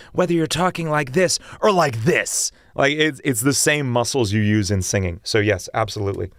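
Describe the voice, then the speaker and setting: A man's voice: medium pitch, lively intonation, normal speed, fairly bright tone, dry recording, clean studio sound. A man chatting casually with viewers on a livestream, talking eagerly about singing and voice technique. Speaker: streamer and singer.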